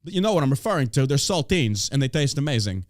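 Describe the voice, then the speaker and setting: A man's voice: medium pitch, sing-song, quick pace, dry recording, clean studio sound. A man hosting a podcast, ranting in casual chat with a profane, sarcastic, mocking manner. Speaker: podcast host.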